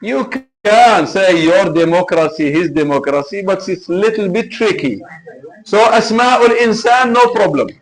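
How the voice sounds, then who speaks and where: A man's voice: high-pitched, expressive, a little slow, rough recording. A man teaching an Arabic class live online, patient and repetitive as he drills examples.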